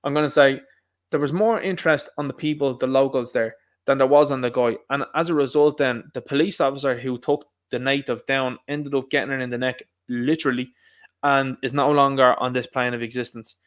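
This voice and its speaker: A young Irish man hosting a solo podcast, talking in a rambling, emphatic way with quick asides. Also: medium pitch, fairly even intonation. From Ireland. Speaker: podcast host. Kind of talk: solo commentary monologue.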